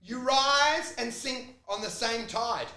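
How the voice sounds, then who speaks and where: A man, co-hosting a comedy podcast in an animated, laughing way. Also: extremely high pitch, slow pace, echoey room, very noisy. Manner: animated, laughs through stories, acts out voices. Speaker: podcast co-host. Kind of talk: casual comedic chat.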